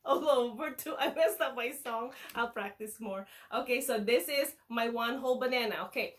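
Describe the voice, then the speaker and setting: Playful teacher lady talking to kids, slow and a bit high, sing-songy, munching food as she goes. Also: a bit bright. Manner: playful, sing-song, talks to the viewer as a child. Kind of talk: children's lesson demonstration.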